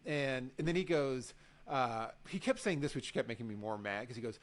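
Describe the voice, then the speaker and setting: A man's voice: mid-range voice, normal speed. Exasperated man recapping wrestling. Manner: animated, exasperated, acts out quotes. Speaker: podcast co-host. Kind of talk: casual wrestling recap chat.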